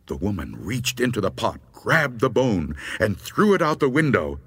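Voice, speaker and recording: Low-voiced man telling a spooky story. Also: no echo. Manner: lively, expressive, unhurried reading. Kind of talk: spooky story read aloud.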